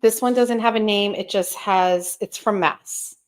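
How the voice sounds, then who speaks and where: A woman's voice: mid-range voice, steady tone, measured pace. A woman in her thirties hosting a casual livestream, rambling and chatty while opening gifts, teary and close to crying. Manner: rambling, nostalgic, chatty with fillers. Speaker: host.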